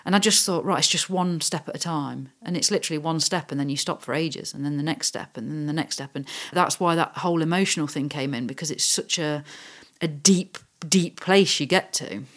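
Low-voiced woman telling her story. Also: fairly quick. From United Kingdom. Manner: earnest, animated storytelling with quoted inner thoughts. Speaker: guest adventurer. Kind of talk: casual interview chat.

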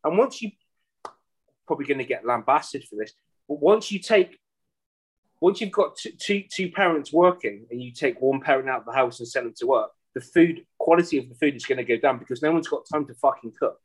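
An English man hosting a podcast, chatting casually with a sweary, rambling, animated way of telling stories. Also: mid-range voice, a little fast, breathy edge, low-quality recording. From England. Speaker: podcast host. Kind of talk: casual chat.

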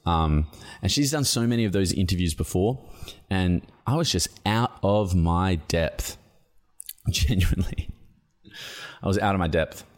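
A man's voice: sits low, unhurried, long pauses. A young man hosting a casual solo podcast, rambling and self-deprecating as he talks through his week. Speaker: podcast host.

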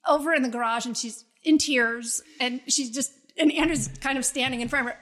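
A middle-aged woman, a mother, telling a family story in a casual, animated way and acting out her children's lines. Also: sits high, fairly quick. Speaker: guest, mother.

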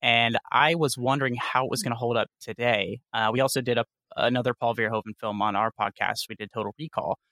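A man's voice: mid-range voice, fairly even intonation, fast, hardly any pauses, sharp tone, no room sound, clean studio sound. A man co-hosting a movie podcast, telling stories in casual chat with a laugh in his voice. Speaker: podcast co-host.

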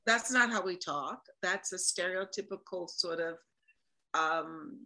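A woman's voice: on the low side, a little slow, sharp tone, poor audio. A woman, a voice actor and producer, talking animatedly and with emphasis as a guest in a casual interview.

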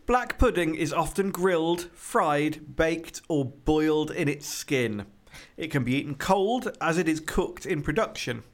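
A man's voice: a little high, lively intonation, measured pace, few pauses. Guy hosting a chatty podcast, voice bouncing all over, jokey, reading bits out. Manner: playful, jokey, mock-grave asides. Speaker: podcast host. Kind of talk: casual podcast chat, reading an article aloud.

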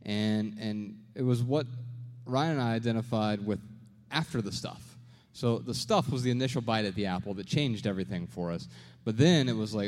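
Live podcast co-host, male, earnest reflective storyteller, low voice, long hall reverb. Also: normal speed, darkish tone. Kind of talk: live podcast talk before an audience. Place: large venue with a live crowd.

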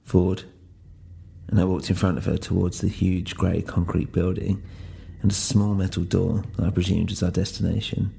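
A man's voice: deep voice, little pitch movement, brisk, vocal fry, mellow, breathy edge. A man narrating a first-person audio drama in a brooding, introspective way.

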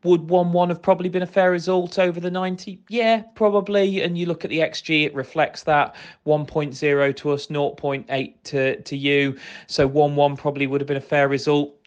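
Measured man giving a match verdict. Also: on the high side, fairly even intonation, muffled recording. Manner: measured, fair-minded analysis with restarts. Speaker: pundit from the other club. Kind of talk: recorded match reflection.

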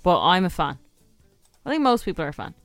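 A woman's voice: fairly low pitch, very animated, quick pace, no echo, faint music behind. A young Irish woman co-hosting a radio show, chatting frankly and giving firm opinions. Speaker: radio co-host. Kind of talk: casual chat.

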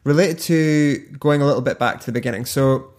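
A man hosting a podcast, reading a scripted intro, then chatting with a guest in a studio in a measured presenter voice. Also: mid-range voice, darkish tone. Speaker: podcast host. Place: studio across a table. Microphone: headphones and studio mic.

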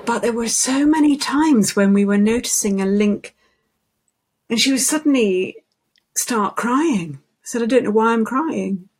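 A woman, a singing voice specialist, talking as a guest in an interview, thoughtful and unhurried, telling stories with many restarts. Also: a little high, expressive, a little mellow, slightly rough. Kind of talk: conversational interview.

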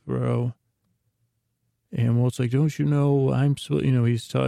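A man's voice: mid-range voice, vocal fry, mellow, no echo, studio quality. A man hosting a sleep podcast, retelling a TV episode in a meandering bedtime ramble full of restarts and asides. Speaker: podcast host.

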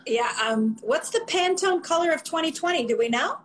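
A woman hosting a casual chat, bubbly and quick to laugh, asking her guest questions. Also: sits high, expressive, slight background noise. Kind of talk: casual conversation.

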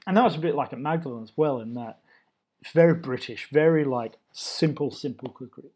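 This guest is an Australian man in his thirties who works as a chef, and he chats loosely and enthusiastically about his career in a casual interview. His speech is brisk, with a husky and slightly mellow quality at a medium pitch.

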